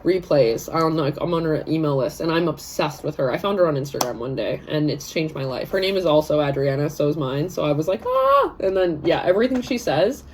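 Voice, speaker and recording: Chatty low-voiced woman in her thirties. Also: animated, fairly quick, few pauses, darkish tone, slight background noise. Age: 30s. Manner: chatty, rambling, laughs often, reads comments aloud. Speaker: live session host. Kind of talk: casual live-stream chat.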